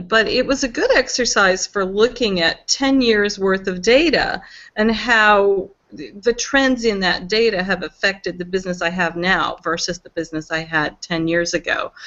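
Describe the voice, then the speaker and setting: A woman's voice: mid-range voice, a bit bright. A woman entrepreneur answering on a panel, chatty and laughing easily. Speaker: entrepreneur, competition winner. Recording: muffled lo-fi recording.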